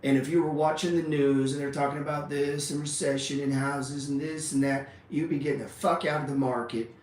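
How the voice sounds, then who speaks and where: A man's voice: a little high, fairly even intonation, fairly quick, darkish tone. Blunt, profane man in an echoey room. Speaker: trading show host. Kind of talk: unscripted motivational talk. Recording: roomy echo with faint ambient noise.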